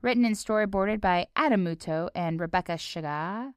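A young woman chatting casually as she recaps a cartoon episode, playful and quick to giggle. Her voice is smooth and clear. It sounds close and dry, with no room around it. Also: fairly low pitch, no room sound. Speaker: podcast co-host.

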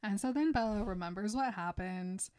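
A woman hosting a casual podcast, retelling a novel's scenes in a chatty way and quickly voicing the characters' lines. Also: mid-range voice, a little mellow, clean tone. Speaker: podcast host recapping a book. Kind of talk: casual book recap chat.

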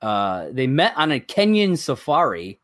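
A man's voice: medium pitch, big pitch swings, a little slow, fairly bright tone, dry recording, studio quality. A man co-hosting a podcast, chatting casually as he reads items from a list, rambling and chuckling along the way. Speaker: podcast co-host. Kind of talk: casual chat.

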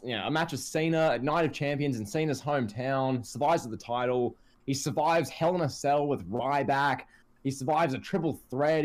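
Animated ranting man, lively pitch. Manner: animated ranting, quotes others in put-on voices. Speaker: podcast co-host. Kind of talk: casual wrestling chat.

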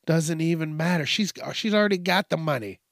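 A man's voice: fairly high pitch, a little fast, fairly bright tone, dry recording, clean studio sound. A man hosting a casual, profane news commentary show, rambling and laid-back as he reacts to stories. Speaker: host.

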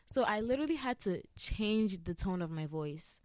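A young woman hosting a podcast, chatting casually and telling stories fast with many fillers. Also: mid-range voice, lively intonation, darkish tone, no room sound, clean studio sound. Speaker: podcast host. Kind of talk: casual chat.

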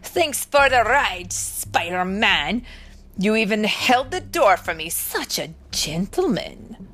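A woman's voice: medium pitch, sing-song, slow pace, fairly bright tone. A woman voicing a sly female spy imposter in a storybook reading, with a sweet, mocking politeness.

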